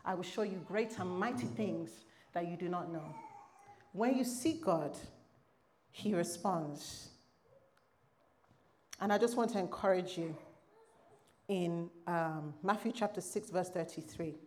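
A woman giving a church testimony in a preaching style. She is emphatic and exclaims, breaks into loud outbursts, then drops to hushed lines, and asks the audience for call-and-response. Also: fairly low pitch, a little slow, long pauses.

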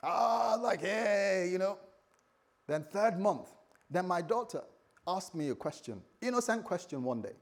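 A British man, a pastor, preaching a sermon in a conversational, humorous way that swings between hushed and loud. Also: high voice, sing-song, moderate pace. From Britain. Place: church.

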